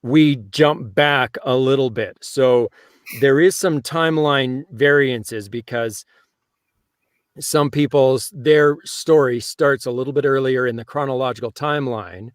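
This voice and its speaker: A man's voice: medium pitch, unhurried, smooth, dry recording, studio quality. A man hosting a casual panel chat, conversational with emphatic asides. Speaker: host and audiobook narrator.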